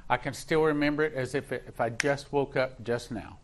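A man's voice: medium pitch, fairly even intonation, fairly quick, a little hiss or hum. A man preaching as a pastor, telling a personal story with emphatic, repeated phrases. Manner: emphatic, rising in intensity, repeats words for stress.

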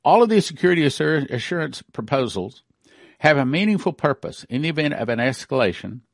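A man's voice: on the high side, sing-song, fairly quick, gravelly, dry recording. Emphatic middle-aged man, dry close sound. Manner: emphatic, rereads and repeats points. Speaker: commentator. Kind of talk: prophecy-minded news commentary.

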